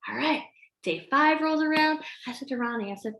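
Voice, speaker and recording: A woman coach chatting casually to camera at home, lively and acting out what she and others said. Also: high voice, brisk, slight background noise. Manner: animated, acts out her own quotes. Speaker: health coach. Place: home room with a board behind her. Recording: echoey room.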